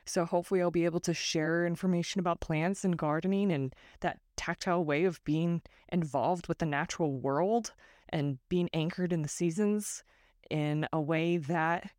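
A woman's voice: on the low side, moderate pace, a little mellow, no echo. A woman from Northern California hosting her own podcast, talking reflectively and with self-deprecating digressions into a close microphone. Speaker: podcast host. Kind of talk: reflective solo podcast monologue.

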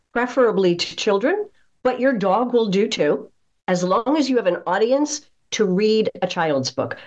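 A middle-aged woman, a voice coach, giving tips in an interview in an animated, playful way and acting out small quoted lines. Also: fairly low pitch, dull audio. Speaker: voice coach, guest.

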